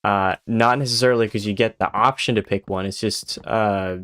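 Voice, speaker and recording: A man's voice: fairly low pitch, fairly even intonation, normal speed, a bit bright, no echo. Rambling Swedish man with American-style English. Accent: American-style English learned as a second language. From Sweden. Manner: rambling, swears, laughs often. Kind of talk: casual commentary while gaming.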